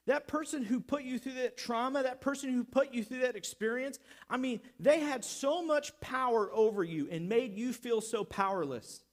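A man preaching a sermon as pastor, impassioned and building up to shouted lines. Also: very high voice.

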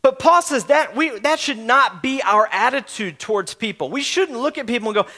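Young guy preaching, high bright voice, earnest and chatty, lots of restarts. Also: animated, moderate pace, hardly any pauses. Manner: earnest, conversational preaching with frequent restarts and acted quotes. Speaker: pastor. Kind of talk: sermon.

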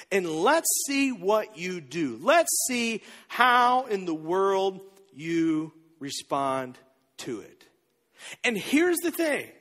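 Male pastor, high lively voice, acts out scenes, echoey hall. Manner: animated storytelling, acting out dialogue. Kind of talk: sermon.

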